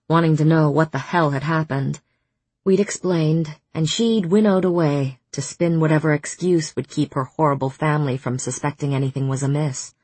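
A woman narrating a fantasy audiobook in the first person with steady, measured storytelling. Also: a bass voice, slightly rough, no room sound.

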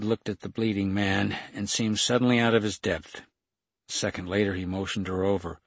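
A man narrating an audiobook thriller in a steady, even reading on a close mic. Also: lowish voice, moderate pace, no room sound.

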